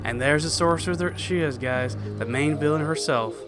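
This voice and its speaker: A man's voice: on the high side, moderate pace. Enthusiastic man commenting on gameplay. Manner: enthusiastic, chatty, addresses viewers as guys. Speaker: let's-play host. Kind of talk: video game commentary. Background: game music.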